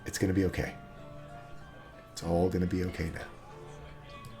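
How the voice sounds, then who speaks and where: A man voicing a kind human father and trader in a tabletop game, speaking in a gentle, soothing way. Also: on the low side, animated, unhurried, over music. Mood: tender.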